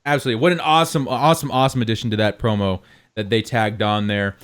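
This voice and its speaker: A man's voice: fairly low pitch, fairly even intonation, fast talker, fairly bright tone, smooth. A man co-hosting a casual gaming podcast, talking in an upbeat, enthusiastic way. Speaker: podcast co-host.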